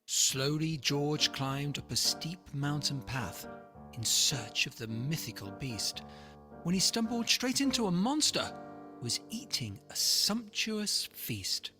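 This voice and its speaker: Slow, lively picture-book reader. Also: medium pitch, faint music behind. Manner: rhythmic, rhyming storytelling. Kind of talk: expressive picture-book read-aloud.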